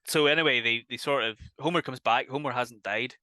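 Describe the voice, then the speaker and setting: A man's voice: medium pitch, brisk, sharp tone, dry recording. A man with a Northern Irish accent, co-hosting a casual horror podcast, easygoing and laughing as he talks. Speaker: podcast co-host. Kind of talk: casual chat.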